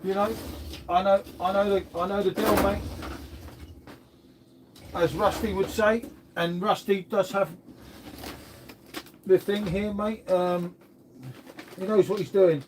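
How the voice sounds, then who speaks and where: English bloke on a livestream, slightly high voice, easygoing chat to viewers, mate this mate that. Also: male voice, fairly even intonation, takes it slowly, long pauses, noisy background. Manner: chatty, laid-back, calls everyone mate. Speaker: live streamer. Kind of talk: casual live-stream chat answering viewer comments.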